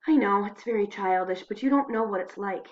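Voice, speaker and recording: A woman reads diary entries aloud in an expressive, storytelling way, slowing down and dropping to a hush at tense moments. Her voice sits in a middle pitch. The home computer recording sounds slightly dull and muffled. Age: adult. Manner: expressive, slows and hushes for drama. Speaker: diary reader. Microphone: computer mic.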